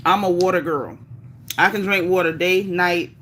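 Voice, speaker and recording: A woman hosting a casual livestream, reading viewer comments aloud in a chatty, animated, folksy way. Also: fairly low pitch, moderate pace, a little hiss or hum. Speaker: livestream host reading chat. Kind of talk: casual live chat.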